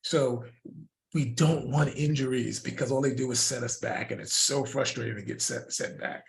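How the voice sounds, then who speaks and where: An older man coaching fitness, talking in a loose, storytelling way with laughs now and then. His voice sits at an ordinary middle pitch. The room adds a noticeable echo. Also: normal speed, gravelly, slight background noise. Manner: animated storytelling with laughs and repeated words. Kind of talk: casual instructional talk. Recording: roomy echo.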